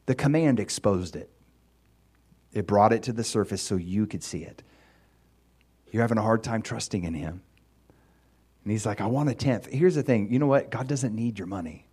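Male pastor, lively sermon delivery with a very expressive pitch range, conversational. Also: normal speed, pauses often, husky.

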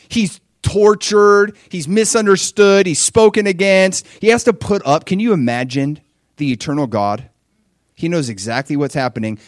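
Animated man preaching, higher voice. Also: no room sound, clean studio sound. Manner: animated storytelling, acting out voices and dialogue. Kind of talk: sermon.

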